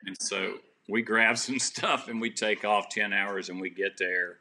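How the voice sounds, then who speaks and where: A man's voice: fairly low pitch, steady tone, unhurried, pushed and bright. A man who is a podcast guest, telling a personal story with faith at its heart in an earnest, rambling way, with many restarts.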